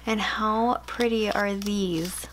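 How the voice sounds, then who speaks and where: A young woman in casual chat, unboxing planner supplies at home, gushing and excitable with frequent gasps. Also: mid-range voice, takes it slowly, a little hiss or hum, poor audio. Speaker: planner vlogger. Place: home room.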